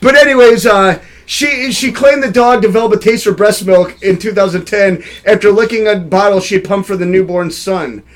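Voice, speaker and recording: A young man with a high voice hosts a loose, crude comedic news segment. He rambles irreverently and breaks into laughter often. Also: moderate pace, hardly any pauses. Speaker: host of a live web talk show.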